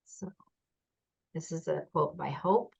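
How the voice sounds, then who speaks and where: A woman giving a measured academic presentation over a video call, reading participants' quotes aloud. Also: sits low, creaky, husky. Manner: measured, reads quotations aloud. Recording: dull lo-fi video call audio.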